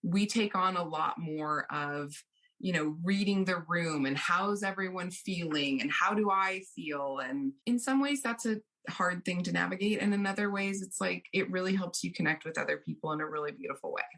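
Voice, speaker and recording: A woman guest, an astrologer, chatting casually and expressively in an interview, quick to laugh. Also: fairly low pitch, creaky. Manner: animated and expressive, quick to laugh and act out others.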